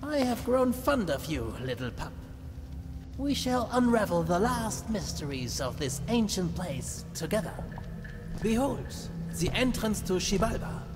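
An actor playing a smug, menacing middle-aged villain who talks down to others in a condescending, theatrical way. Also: male voice, high voice, very animated, a little slow. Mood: mocking. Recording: game audio with reverb and music.

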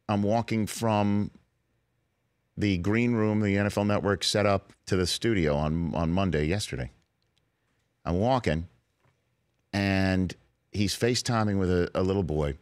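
A man's voice: on the low side, unhurried, pauses often, no echo. A man in his forties hosting a sports talk show, telling an earnest, sometimes emotional story in casual studio chat. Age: 40s. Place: radio studio.

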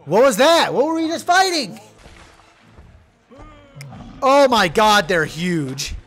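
A young man giving loud, profane let's play commentary, yelling at his game companion. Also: sits high, slow pace, soft background music. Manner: excitable, swears loudly, yells at his companion. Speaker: gaming video creator.

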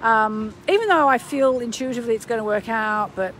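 A woman's voice: fairly high pitch, a little fast, a bit bright, slight background noise, poor audio. A woman astrologer chatting on a live stream, rambling with many ums and breaking into bursts of gushing enthusiasm, recorded on a phone. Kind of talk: casual live-stream chat.

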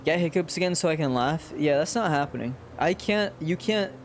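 Chatty, lively man streaming a game. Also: on the high side, a little fast, a little hiss or hum. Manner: chatty and giggly, rambling asides. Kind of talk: casual gameplay commentary.

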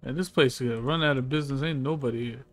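A man's voice: mid-range voice, rapid-fire. A male streamer giving loose, profane gameplay commentary, chuckling to himself as he plays. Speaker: gaming streamer.

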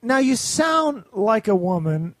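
A man's voice: high-pitched, big pitch swings, slow pace, fairly bright tone, dry recording. Man from India with an American accent. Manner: curious, joking, easygoing questions. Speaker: radio show host. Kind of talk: casual interview chat.

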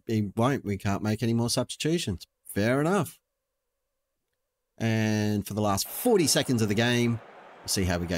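A young man giving playful, joking let's-play commentary as a gaming channel host. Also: mid-range voice. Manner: playful, jokey, talks to the screen.

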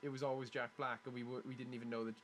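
A young man on casual gaming commentary, his voice sitting at an ordinary middle pitch. He talks in an easygoing, joking way with crude banter. His delivery stays relaxed as he plays along. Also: rapid-fire, background noise. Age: young adult. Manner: laid-back, joking, crude.

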